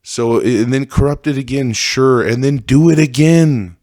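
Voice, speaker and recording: A man's voice: mid-range voice, unhurried, darkish tone, no echo, studio quality. A man hosting a podcast, delivering a heated, profane rant that circles back on its own phrases. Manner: heated, profane, repetitive ranting. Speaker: podcast host. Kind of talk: ranting podcast monologue.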